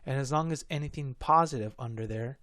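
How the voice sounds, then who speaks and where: A man's voice: medium pitch, fairly quick, fairly bright tone, dry recording, clean studio sound. A man explaining math in a casual lesson, rambling and stuttering, often correcting himself. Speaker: math tutor.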